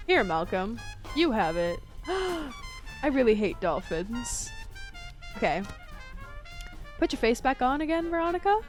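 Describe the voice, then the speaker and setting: A woman's voice: fairly high pitch, very animated, slow, long pauses, soft background music. A woman streaming a story game, reading the text aloud and chatting through her choices.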